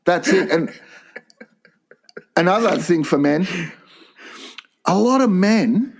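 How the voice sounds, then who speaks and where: A man's voice: high voice, expressive, slow pace, gravelly. An older man co-hosting a crude comedy podcast, teasing and rambling with frequent laughs. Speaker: podcast co-host. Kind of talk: casual comedy podcast banter.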